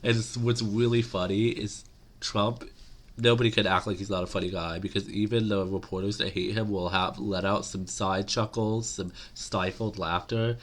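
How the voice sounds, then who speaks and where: A man's voice: on the low side, steady tone, moderate pace. A man giving casual political commentary to camera, rambling and opinionated with many fillers.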